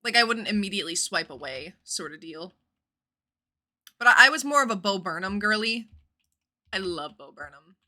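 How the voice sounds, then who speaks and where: Fairly quick and full of lively intonation, this young woman's very bright, bouncy voice swings widely in pitch as she streams a game. She's a chatty livestreamer in her twenties who rambles and drops the occasional swear.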